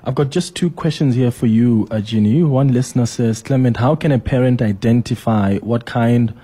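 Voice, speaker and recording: A man hosting a radio show, calmly reading listener questions aloud. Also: mid-range voice, moderate pace, breathy edge.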